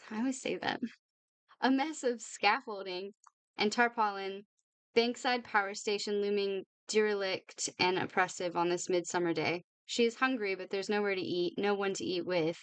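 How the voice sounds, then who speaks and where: A woman reading a novel aloud for her channel, informal and brisk. She trips now and then and corrects herself. Her voice is smooth and clear, recorded close and dry. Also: mid-range voice, no room sound. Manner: brisk reading with slips and apologies. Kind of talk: read-aloud novel narration.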